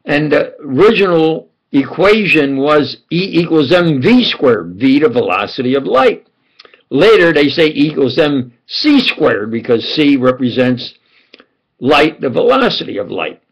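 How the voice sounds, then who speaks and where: An older man telling a rambling first-person account, often acting out dialogue and dropping into low mutters. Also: very animated, measured pace, slightly rough, highs cut off. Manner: digressive, quotes others in dialogue, drops to low mutters. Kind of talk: rambling conspiracy monologue.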